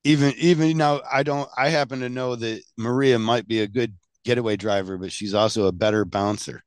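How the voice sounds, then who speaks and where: A man's voice: medium pitch, steady tone, a little fast, smooth, no echo, clean studio sound. A man in casual chat, asking questions and making wry, self-deprecating jokes.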